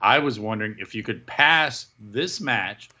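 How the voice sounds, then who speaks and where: A man's voice: on the low side, lively intonation, unhurried, pushed and bright, dull audio. A man co-hosting a casual wrestling podcast, joking sarcastically and reading listener emails aloud. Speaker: podcast co-host.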